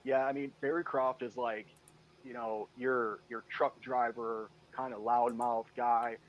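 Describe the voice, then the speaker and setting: A man's voice: medium pitch, little pitch movement, a little slow, lo-fi sound. A man telling stories in a casual interview, rambling with many "you know" fillers and acting out what others said, from Michigan. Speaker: guest.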